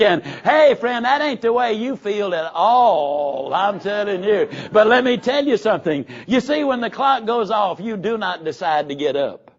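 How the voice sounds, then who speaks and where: A man's voice: sits high, expressive, normal speed, few pauses. A man giving a live motivational speech, telling folksy stories with jokes and instructions for the audience. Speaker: motivational speaker. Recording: dull lo-fi recording.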